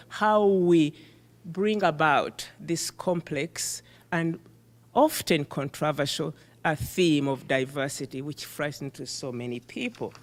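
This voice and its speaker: A middle-aged woman who is not a native English speaker, giving an animated, emphatic conference keynote. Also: sits low. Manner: animated, emphatic, self-deprecating. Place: conference hall. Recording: reverberant hall.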